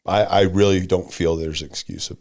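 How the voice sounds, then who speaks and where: Brief: man, low pitch, emphatic co-host, blunt repeated commands, casual. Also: steady tone, creaky. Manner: softens and slows when speaking to his wife. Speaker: podcast co-host. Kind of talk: casual chat.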